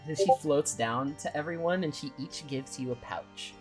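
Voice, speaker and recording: A man running a tabletop game as game master, animated and quick to laugh while he narrates. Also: a little high, soft background music.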